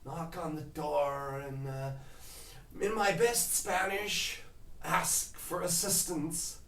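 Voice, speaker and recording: A man's voice: on the high side, fairly even intonation, takes it slowly, fairly bright tone. A man telling a casual travel story at home, rambling with lots of fillers. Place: home kitchen. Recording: roomy kitchen, mic at a distance.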